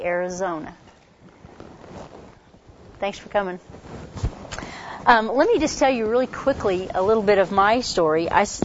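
A woman with a congested voice giving a casual workshop talk on campus ministry, chatty and quick, full of fillers and restarts. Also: mid-range voice, slight background noise. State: congested from a cold. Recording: dull lo-fi recording.

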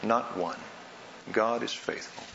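A man preaching a sermon, asking rhetorical questions and swinging between soft and loud delivery. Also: on the low side, takes it slowly, gravelly, noisy background. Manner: dramatic swings in loudness and pace, rhetorical questions. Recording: roomy, slightly dull sound.

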